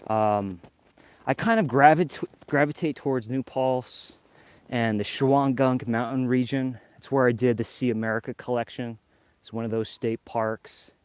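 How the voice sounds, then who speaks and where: A man's voice: medium pitch, fairly even intonation, normal speed, clean tone, dry recording. A man from New York hosting a casual live vlog outdoors in the snow, chatty and a little out of breath as he walks. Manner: rambling, chatty, talks to viewers. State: slightly out of breath. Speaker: livestream host.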